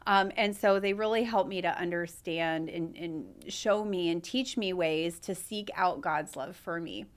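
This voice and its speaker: A woman guest on a podcast sharing a personal testimony in an earnest, heartfelt, soft-spoken way. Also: fairly low pitch, unhurried.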